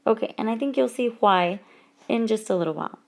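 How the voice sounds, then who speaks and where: A woman teacher giving a recorded lesson over whiteboard slides, speaking slowly and deliberately and stretching out example words. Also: fairly high pitch, gravelly, darkish tone.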